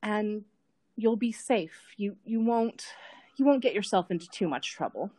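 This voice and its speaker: A woman voicing a loving, proud mother saying goodbye to her grown child, speaking gently and stumbling over repeated words. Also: medium pitch, lively intonation, no room sound. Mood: tender. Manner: gentle, a little halting with repeats.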